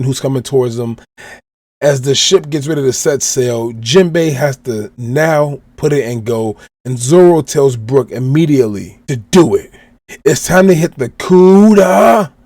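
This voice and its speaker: A man's voice: mid-range voice, a little mellow, no echo. A man from Chicago hosting a podcast, casually retelling a comic chapter step by step and quoting the characters' lines. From Chicago, USA. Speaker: podcast host.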